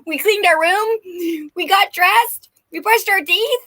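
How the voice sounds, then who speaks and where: A woman's voice: very high voice, slow, sharp tone, no echo, voice pushed up, heavily acted. A woman putting on the voices of little kids begging their parents, whiny and pleading.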